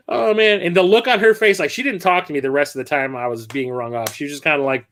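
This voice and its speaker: A man hosting a casual livestream, rambling and correcting himself as he talks, quick to laugh. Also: a little high, lively intonation, a bit bright. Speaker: livestream host. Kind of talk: casual livestream chat about his game collection.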